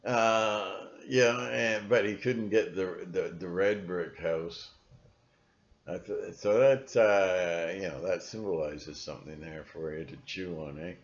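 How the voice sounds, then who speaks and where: Slow, rambling, sardonic man. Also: low-pitched, fairly even intonation. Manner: rambling, sardonic, restarts often. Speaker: video blogger. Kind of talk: ranting monologue. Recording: dull lo-fi recording.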